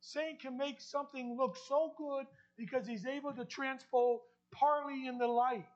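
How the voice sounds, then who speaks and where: Pastor guy w/ new jersey accent, really high voice, preaching hard, dull lo-fi sound. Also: fairly even intonation, moderate pace. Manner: emphatic, repeats key lines, asks the congregation questions. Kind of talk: sermon.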